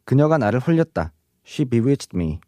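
A man teaching a scripted vocabulary lesson. He explains each term, reads the Korean example sentences briskly, then gives the English translations slowly. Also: medium pitch, big pitch swings, warm tone, dry recording.

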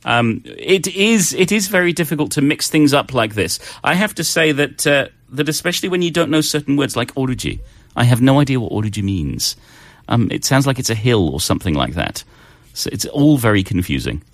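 A man with a lively, up-and-down voice chats and teases his co-host on a casual show. He is recorded close and dry. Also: mid-range voice, brisk, vocal fry, no room sound. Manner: teasing, chatty, playfully self-deprecating. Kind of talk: casual chat on a language show.

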